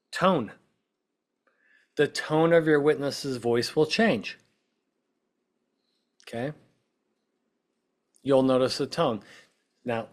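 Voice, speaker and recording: Male podcast host, mid-pitched, casual explainer who checks in with the listener after each point. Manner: conversational, peppers points with "right?" and "okay?"; acts out quoted speech in short bursts. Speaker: podcast host, witness-prep consultant.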